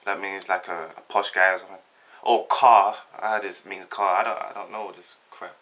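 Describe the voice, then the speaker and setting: Young man, South London accent, casual slangy chat, low-ish pitch, bright tone. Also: little pitch movement, brisk. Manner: laid-back, jokey, rambling with slang. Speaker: vlogger. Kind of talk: casual chat, answering a tag.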